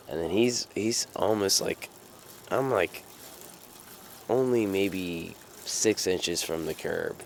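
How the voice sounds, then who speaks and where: With a low voice and vocal fry, a young man casually tells a personal anecdote, rambling through fillers and restarts and swearing freely. There's a little hiss or hum in the recording.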